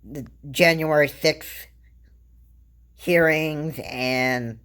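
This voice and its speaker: A woman vlogger works through her political views in loose, casual commentary, her low, slightly bright voice unhurried. She rambles and halts, leaning on fillers and frequent restarts.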